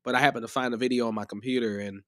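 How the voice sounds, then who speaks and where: A man talks very fast in a steady, medium-pitched voice, captured in studio quality without echo. Hosting a live stream teaching music production while under the weather, he rambles casually and keeps restarting his thoughts.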